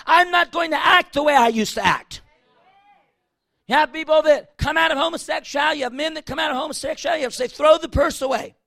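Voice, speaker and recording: A man's voice: very high-pitched, vocal fry, bright, forceful tone, no room sound, clean studio sound. A man preaching a fiery, emphatic sermon.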